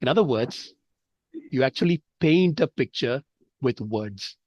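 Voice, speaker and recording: A man's voice: medium pitch, animated, a little slow, darkish tone, dry recording, lo-fi sound. A man from India runs an online public speaking class, his voice swinging widely as he explains with examples and checks in with listeners. The sound is dry and close, as if from a headset on a video call. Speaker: speech trainer. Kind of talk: online training session.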